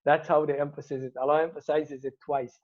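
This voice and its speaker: A man's voice: a little high, flat delivery, brisk. Man teaching grammar over a tinny line. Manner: explains patiently, repeats words for emphasis. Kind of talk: Quranic grammar lesson. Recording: tinny phone-like sound.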